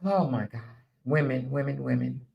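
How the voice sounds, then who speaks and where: A woman's voice: very deep voice, normal speed, vocal fry, lo-fi sound. An older woman hosting a casual live-stream talk in a Southern manner, blunt and preachy, laughing often as she speaks her mind. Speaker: live show host.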